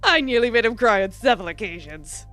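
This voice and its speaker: A woman's voice: fairly high pitch, expressive, fairly quick, fairly bright tone, soft background music. A woman voicing a confident young female detective, teasing and self-assured, while reading a visual novel aloud. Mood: proud.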